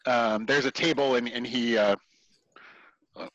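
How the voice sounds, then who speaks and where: A man running a tabletop game as game master, narrating in a halting way with many ums and restarts. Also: medium pitch, steady tone, fairly bright tone, dry recording, highs cut off.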